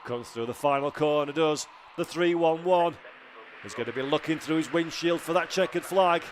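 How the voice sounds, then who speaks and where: A man giving live motor racing commentary from a commentary box at the circuit, building excitement toward the finish. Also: on the high side, moderate pace, a little hiss or hum. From Britain. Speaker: race commentator.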